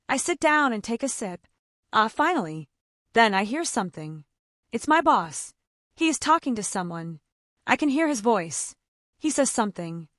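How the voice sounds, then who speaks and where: Woman narrator for a graded reader: higher voice, lively pitch, simple clear sentences, dry booth sound. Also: no room sound. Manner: simple short sentences, slow clear delivery. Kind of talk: scripted first-person story narration for English learners.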